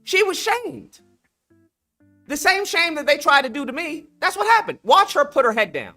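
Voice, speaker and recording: Bright-voiced blunt male streamer. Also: extremely high pitch, sing-song, moderate pace, faint music behind. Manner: blunt, emphatic, slangy, repeats phrases. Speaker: livestream host. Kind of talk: casual commentary with callers.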